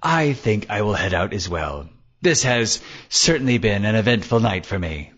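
A man's voice: lowish voice, animated, moderate pace, a bit bright, slightly rough. A man reading the part of a nervous, evasive man who answers with careful politeness. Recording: dull lo-fi recording.

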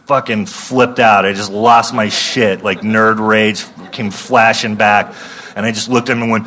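A man in his thirties telling a profane stand-up comedy story in a rambling way, with sudden shouted outbursts. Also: on the low side, steady tone, unhurried, a crowd in the background. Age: 30s.

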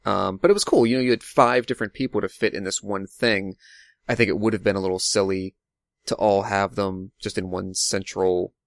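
A man's voice: low voice, steady tone, a little fast, creaky, dry recording, clean studio sound. A man discussing a movie in casual chat, rambling and thinking aloud with lots of fillers.

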